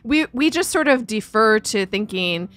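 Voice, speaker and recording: A woman's voice: fairly high pitch, expressive, normal speed, a bit bright. A woman guest on a podcast, telling a story about her in-laws in casual chat.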